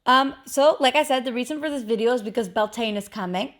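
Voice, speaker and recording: A woman's voice: on the high side, fast talker. Chatty woman hosting a vlog. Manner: chatty, with frequent fillers and emphatic repetition. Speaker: witchcraft video host. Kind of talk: casual instructional vlog.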